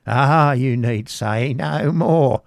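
A scornful old hag grumbles and mutters her spite in a gravelly, close voice, put on by a man reading a storybook. The sound is dry, with no room around it. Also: mid-range voice, slow, no echo.

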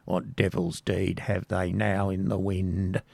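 A man reading a storybook voices a scornful old hag who grumbles and mutters spitefully in a gravelly, close voice. He speaks slowly at a medium pitch, and the recording is dry with no room sound.

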